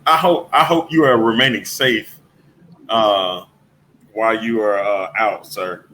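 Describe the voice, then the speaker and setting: Bright-voiced, teasing man co-hosting. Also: lowish voice, unhurried, a little hiss or hum. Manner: laughs often, teasing and hyping. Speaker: podcast co-host. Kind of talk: casual wrestling talk show chat.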